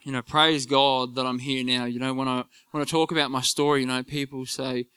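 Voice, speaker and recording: A man giving an earnest personal faith testimony, halting and full of fillers. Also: mid-range voice, flat delivery, pushed and bright, smooth, no room sound. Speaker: church member giving testimony.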